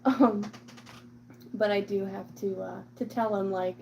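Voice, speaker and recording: A woman's voice: mid-range voice, fairly even intonation, measured pace, gravelly, warm tone, a little hiss or hum, rough recording. A woman vlogging casually about her cat, rambling with lots of "like" and "um", and slipping into cooing baby talk with the cat. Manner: chatty, rambling, full of "like" and "um". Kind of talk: casual chat to camera.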